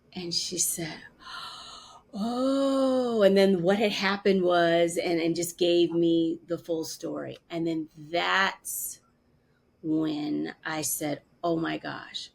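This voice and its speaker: A woman's voice: on the low side, gravelly, slightly rough. A woman in her fifties, an interview guest telling a personal story and acting out the voices of the people she quotes. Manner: animated, acts out quoted voices.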